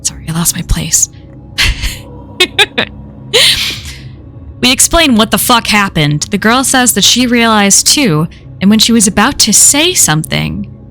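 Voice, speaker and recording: A woman's voice: fairly high pitch, fairly bright tone. A woman reading a first-person horror story aloud on a live stream, in a casual, conversational telling full of swearing.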